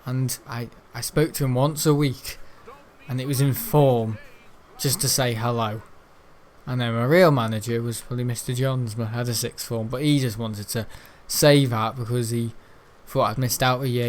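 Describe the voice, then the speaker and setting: A man's voice: medium pitch, fairly even intonation, normal speed. A young man, chatting casually over a game stream, rambling and joking with frequent laughter. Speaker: gaming streamer.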